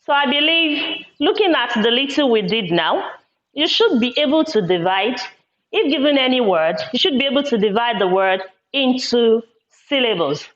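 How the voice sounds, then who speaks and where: A woman teacher giving a classroom lesson, speaking slowly and deliberately and repeating words syllable by syllable. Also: a little high, lively intonation, a bit bright. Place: classroom with a board. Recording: echoey room, dull lo-fi sound.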